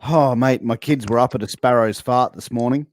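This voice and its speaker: A man's voice: medium pitch, normal speed, no room sound, clean studio sound. A man with an Australian accent hosting a casual interview game, playful and swearing casually over a video call. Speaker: host.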